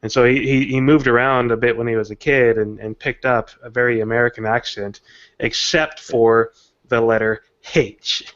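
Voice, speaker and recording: A man's voice: medium pitch, steady tone, moderate pace, a bit bright. A man co-hosting a casual podcast, telling stories in a thoughtful, easygoing way. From Texas. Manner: thoughtful, storytelling. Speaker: podcast co-host. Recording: dull lo-fi audio.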